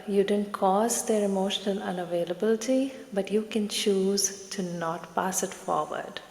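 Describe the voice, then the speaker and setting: A woman psychotherapist speaks gently and soothingly in short, measured phrases. Her voice carries a gravelly fry. The room around her is echoey, with a long reverb. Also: medium pitch. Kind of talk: reflective therapy talk to camera.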